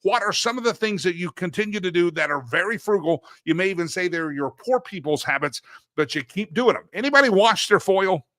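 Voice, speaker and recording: Bright-voiced middle-aged male talk host. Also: high voice, lively intonation, fairly quick, no echo, clean studio sound. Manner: rambling, anecdotal, self-correcting. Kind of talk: casual talk show monologue.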